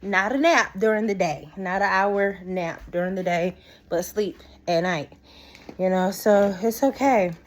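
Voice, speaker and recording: A young woman telling a personal story to her viewers in a casual, expressive vlog style. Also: medium pitch, a little slow. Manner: expressive, talks straight to viewers as "y'all". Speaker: vlogger.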